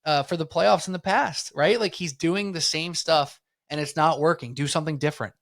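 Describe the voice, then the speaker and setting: A man's voice: a little high, moderate pace, fairly bright tone. A young man co-hosting a sports podcast, talking in a laid-back, slangy way with lots of "like" and "man". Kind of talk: casual sports chat.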